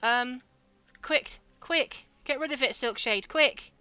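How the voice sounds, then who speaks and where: In a high-pitched, bright, forceful yet smooth voice, a woman slowly talks through her game stream with few pauses. She's giggly and chatty, addressing viewers casually, and the recording is muffled with no room sound.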